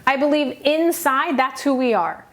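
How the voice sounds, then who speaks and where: A middle-aged woman with a slightly high voice gives a motivational teaching talk. She speaks earnestly and with emphasis. She pauses between her short phrases. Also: lively intonation, a bit bright. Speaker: self-help coach.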